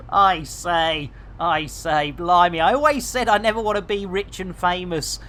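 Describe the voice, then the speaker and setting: A man's voice: high voice, expressive, slow, sharp tone. A middle-aged man with a Barnsley accent, chatting through a live game stream in a jokey way full of catchphrases. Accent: Barnsley, Yorkshire. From England. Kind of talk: live gameplay stream chat.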